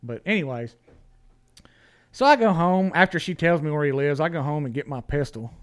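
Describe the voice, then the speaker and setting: A man, a podcast guest, recounting his past in a raised, fairly high voice. His talk is blunt and full of swearing, and he often stumbles and restarts his words. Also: animated, normal speed. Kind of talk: casual storytelling.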